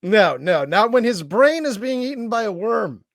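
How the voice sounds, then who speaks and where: A man's voice: high-pitched, very animated, normal speed, gravelly, fairly bright tone, no room sound, clean studio sound. A man co-hosting a comedy podcast, reacting to clips with sarcastic jokes. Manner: sarcastic, joking. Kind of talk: casual comedic reaction commentary.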